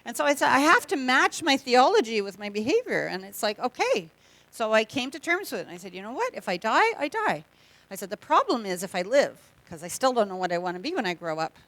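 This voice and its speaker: A woman's voice: fairly high pitch, big pitch swings, fairly quick, a bit bright, no room sound. A middle-aged Canadian woman, a guest speaker giving a humorous testimony talk in a church, chatty and joking, acting out quoted voices.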